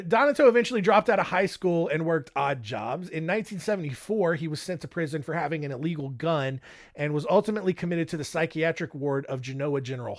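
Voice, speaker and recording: A young man hosting a casual true-crime podcast, narrating with joking, irreverent asides. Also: fairly high pitch. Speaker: podcast host.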